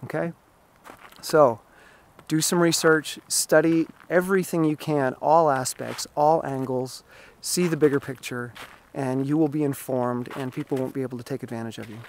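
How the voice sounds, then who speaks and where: A man's voice: mid-range voice, steady tone, normal speed, slight background noise. A man giving an emphatic, explanatory vlog monologue outdoors beside a pond while out running. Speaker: running vlogger.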